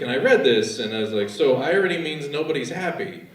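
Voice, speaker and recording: Male stand-up, crude storyteller, lively pitch, roomy echo, mic at a distance. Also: fairly quick, hardly any pauses. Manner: crude storytelling, acting out quoted characters. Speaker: stand-up comedian. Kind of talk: stand-up comedy set. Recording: echoey room, from a distance.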